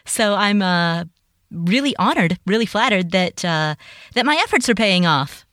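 Reading out listener reviews to close her solo podcast, a chatty, enthusiastic woman speaks carefully in a medium-pitched, animated, fairly bright voice, taking her time. She's a Nepali native speaker recording from a home closet on a home studio mic, and the sound is dry and studio quality.

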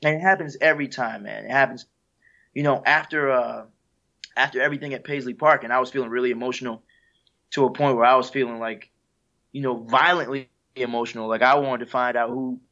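A man's voice: mid-range voice, fairly even intonation, fairly quick, pushed and bright. A man, a guest musician, talking casually and reflectively in an interview, sharing heartfelt stories with an easy laugh. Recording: dull lo-fi sound.

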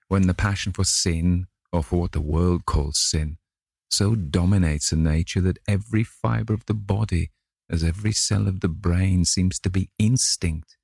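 A man narrating a classic novel in a measured way, lightly voicing the characters. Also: low voice, vocal fry, slightly rough, no echo, clean studio sound. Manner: measured reading, gently voices each character. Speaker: audiobook narrator.

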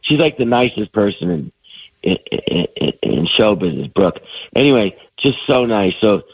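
A man's voice: fairly low pitch, big pitch swings, moderate pace, breathy edge, no echo, narrow, tinny audio. A male guest on a radio show, talking with a cold and telling long rambling stories. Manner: rambling storyteller. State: has a cold. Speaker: guest comedian. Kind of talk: casual radio interview.

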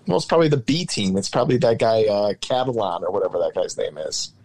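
Male co-host, playful and teasing, low voice with lots of swing. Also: expressive, quick pace, darkish tone. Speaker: podcast co-host. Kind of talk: casual chat.

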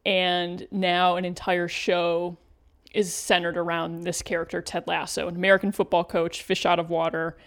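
Woman cohost on a podcast, steady and upbeat, just chatting. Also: fairly low pitch. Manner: measured and upbeat, reads listener questions. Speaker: podcast co-host. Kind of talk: casual podcast chat.

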